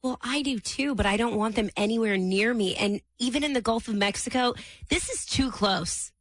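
A woman's voice: fairly high pitch, dry recording. A woman co-hosting a morning radio show, playful and teasing in casual banter. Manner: playful, teasing, quick laughs. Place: radio studio. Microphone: studio microphone.

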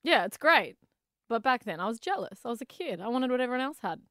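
A woman's voice: on the high side, sing-song, fast talker, fairly bright tone, no echo, clean studio sound. A woman telling stories on a radio show, wry and teasing. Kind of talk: casual on-air chat.

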